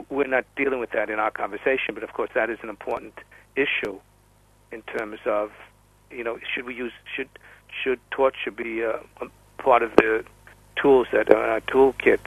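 Rabbi guest calling in, halting and self-correcting; husky, gravelly voice with a flat, even pitch. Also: male voice, no echo, low-quality recording. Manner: halting, with many restarts and repeated words. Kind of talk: discussing questions over the phone. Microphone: phone line.

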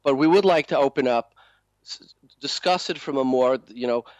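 Male talk host, earnest and measured, mid-pitched voice in a dry, close sound. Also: no echo. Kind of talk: hosting a talk program.

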